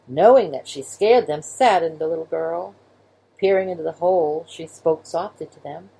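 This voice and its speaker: A woman reading a children's storybook aloud in a gentle, expressive way, doing sound effects for the story. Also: low voice, creaky, breathy edge.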